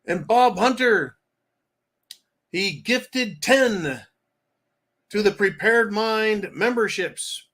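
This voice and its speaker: Ranting American man, higher voice. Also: expressive, very slow, pauses often. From United States. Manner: ranting, loud bursts, crude insults. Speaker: live stream host. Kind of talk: live-stream commentary reading donations.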